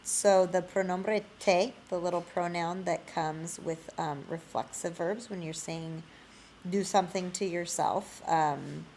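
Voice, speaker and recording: A woman teaching a Spanish lesson in a screencast, explaining slowly. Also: lowish voice, steady tone, darkish tone, a little hiss or hum.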